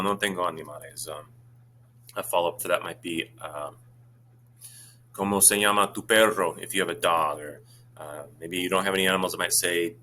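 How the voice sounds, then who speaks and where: A man, a Spanish teacher talking his students through exam questions in a brisk, informal way with many fillers. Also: deep voice, pushed and bright, slight background noise.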